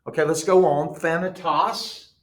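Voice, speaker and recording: A man's voice: medium pitch, animated, slow pace, echoey room, slight background noise. A man teaching a class, explaining patiently and checking in with the students. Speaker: Greek teacher. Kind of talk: classroom lecture.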